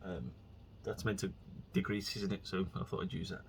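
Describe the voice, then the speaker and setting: A man's voice: low voice, moderate pace, slight background noise. A man talking in a casual solo monologue, rambling and chatty with frequent restarts as he tells stories. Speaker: vlogger.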